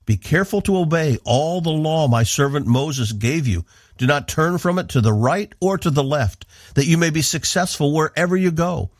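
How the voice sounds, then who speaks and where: A man's voice: a little high, moderate pace, dry recording. A man from the northeastern United States, a radio Bible teacher giving an earnest, emphatic devotional talk into a studio microphone.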